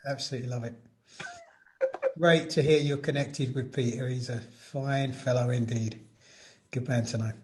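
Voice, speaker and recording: A man hosting an interview, giving short, warm replies and closing the conversation politely. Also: mid-range voice, fairly even intonation, normal speed, pauses often. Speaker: podcast host.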